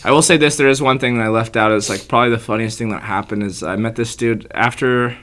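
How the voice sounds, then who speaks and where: A man's voice: medium pitch, steady tone, fast, a bit bright, slight background noise. A young man telling a long story in casual chat, laid-back, swearing and filling with "like".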